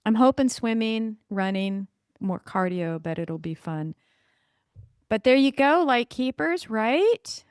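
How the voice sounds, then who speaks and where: A woman's voice: on the high side, lively intonation, slow, a little mellow, clean tone, no echo, studio quality. A woman hosting her own podcast, talking casually and with enthusiasm, rambling a little and correcting herself as she goes. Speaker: podcast host. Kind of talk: casual solo podcast monologue.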